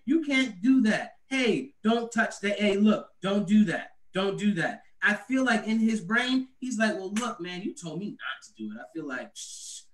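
A man's voice: high voice, distant mic. A man doing a conversational stand-up comedy set about raising kids, laughing at his own jokes. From US Northeast. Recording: echoey room, away from the mic.

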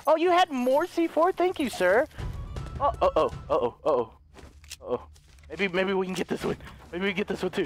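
High, lively-voiced excitable male gamer. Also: normal speed, noisy background. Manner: excitable and jokey, swinging from hushed mutters to loud yells. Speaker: gamer commentating his own play. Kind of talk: live gameplay commentary.

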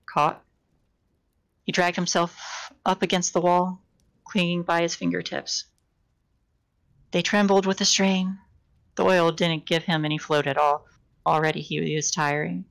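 Low, gravelly woman reading a novel aloud. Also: poor audio. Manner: unpolished live reading with frequent restarts and self-corrections. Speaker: reader.

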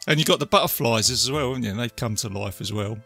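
A man's voice: medium pitch, fast, vocal fry, bright, forceful tone, no room sound, faint music behind. A man in a casual film review podcast, who keeps adding tag questions and laughs often. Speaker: podcast co-host.

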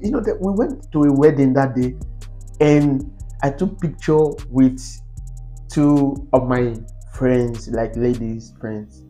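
A Nigerian vlogger speaking Nigerian English delivers a storytime monologue to camera at a measured pace, his mellow, fairly dark voice over faint, soft background music. He bursts into animated, exasperated outbursts, his pitch leaping up on exclamations.

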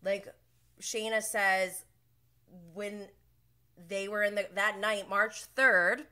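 A young adult woman hosting a casual recap show, telling the story with animated quoted voices. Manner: animated storytelling, acts out quotes with big pitch jumps. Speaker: podcast host.

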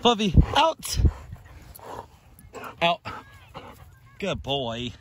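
A cheerful man calling out to his dog and narrating a snow-day vlog outdoors. His voice is high for a man and his pace relaxed and unhurried. He laughs easily and talks from a handheld camera. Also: a little hiss or hum. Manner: cheerful, excitable, laughs often. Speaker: vlogger with his service dog.

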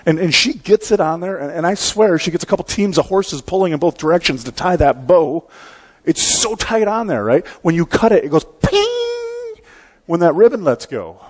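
This forties-aged pastor tells a conversational, self-mocking and funny story from the pulpit of a church, often asking his listeners "right?" He speaks a little fast in a higher register, with lively intonation and a slightly rough texture.

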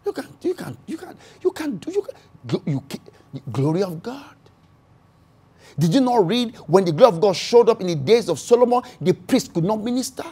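A pastor preaching a sermon, acting out scripture scenes and repeating key phrases, swinging from loud bursts to hushed lines. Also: mid-range voice, very animated, moderate pace, husky.

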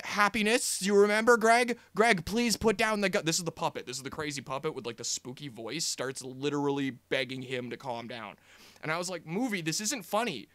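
A young man ranting casually about a film he reviews, animated and exasperated, swearing often and full of fillers. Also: fairly high pitch, no room sound. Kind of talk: casual movie-review rant.

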